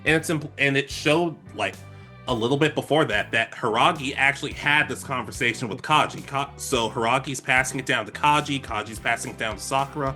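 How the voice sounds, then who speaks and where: Young adult man, podcast co-host, animated recapping, bright tone, music faintly behind. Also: medium pitch, a little fast. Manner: animated, acts out characters' lines while recapping. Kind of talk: casual podcast chat.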